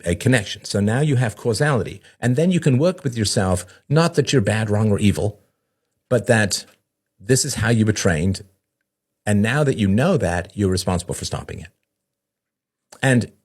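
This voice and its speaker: A man hosting a talk show, explaining in a conversational way, often asking "right?" and acting out the voices of the people he quotes. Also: lowish voice. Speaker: podcast host. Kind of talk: explanatory monologue.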